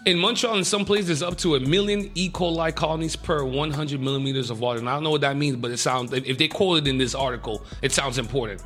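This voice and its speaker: A man hosting a radio show, reading the news in a casual, excitable way with jokey asides. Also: fairly high pitch, quick pace, few pauses, faint music behind.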